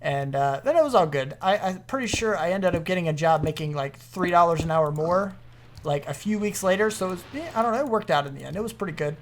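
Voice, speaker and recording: A man telling a long personal story while playing a game on his channel, animated and full of restarts, into a desk microphone at home. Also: sits high, fast, slight background noise. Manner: rambling, animated anecdote with many restarts. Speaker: gaming YouTuber.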